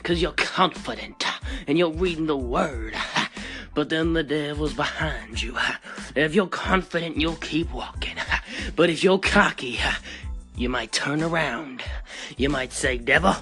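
A fiery revival preacher, as a young man puts him on, pitched high and bright, his voice climbing into shouts while he keeps cracking up. The sermon is a joke, and the laughter keeps spilling through the preaching. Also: drawn-out words, few pauses, soft background music, exaggerated voice. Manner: rising, shouting delivery. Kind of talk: mock sermon.

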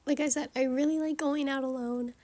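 A young woman telling a rambling personal story in a quiet, hushed way, full of fillers. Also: sits high, steady tone, a little fast. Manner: chatty, rambling, many fillers. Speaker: vlogger. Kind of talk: casual storytime chat.

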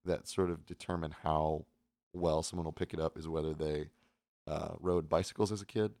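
A man's voice: extremely low pitch, moderate pace, no echo, studio quality. A young man hosting a movie podcast in casual, rambling chat full of fillers. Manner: relaxed, rambling, many fillers. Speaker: podcast host.

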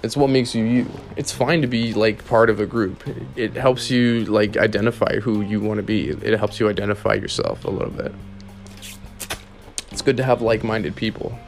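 A man's voice: fairly low pitch, normal speed, faint music behind. A young man hosting a casual solo podcast, rambling and profane, laughing now and then as he talks. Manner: rambling, profane, laid-back, laughs often. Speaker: podcast host.

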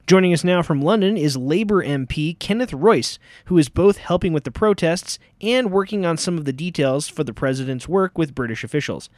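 A man hosting a comedy news radio parody with a measured, newsreader-like delivery. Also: fairly high pitch, animated, no room sound. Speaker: radio show host.

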